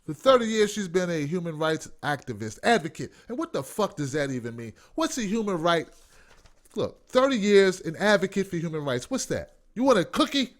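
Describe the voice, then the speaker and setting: A male online show host delivers a sarcastic, profane livestream rant. His fairly high voice swings widely in pitch as he riffs and mocks. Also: moderate pace. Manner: profane, sarcastic, animated ranting.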